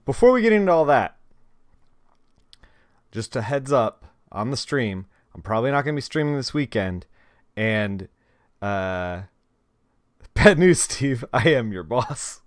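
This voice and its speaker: A man's voice: lowish voice, clear, resonant tone, dry recording, studio quality. A young man chatting casually with his viewers on a live stream, rambling and talking straight to them.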